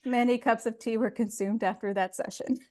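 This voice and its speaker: A woman's voice: on the high side, fairly even intonation, a little fast, dark tone. A young adult woman voice actor being interviewed, talking casually and candidly and laughing easily. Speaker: voice actor guest.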